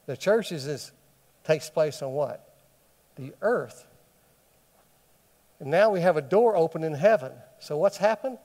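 A man's voice: fairly high pitch, lively intonation, unhurried, pauses often, a little mellow. A man teaching a Bible study sermon who keeps asking the listeners questions and then answers them himself. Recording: long hall reverb.

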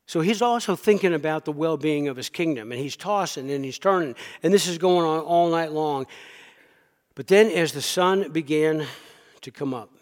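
A man's voice: a little high, normal speed, big-room sound. A man preaching a sermon, retelling a scripture story with emphatic asides to his listeners. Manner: emphatic storytelling, talks directly to the congregation.

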